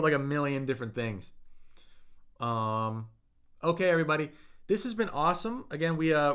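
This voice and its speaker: A man's voice: on the high side, fairly bright tone. A young man hosting a casual live-stream language lesson, upbeat and encouraging, with many fillers and "right?" tags.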